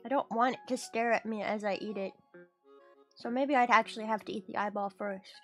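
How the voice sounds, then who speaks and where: A woman's voice: a little high, steady tone, brisk, faint music behind. A woman streamer chatting casually with her viewers, rambling and giggly. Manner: rambling, giggly, talks to chat. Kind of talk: casual livestream chat.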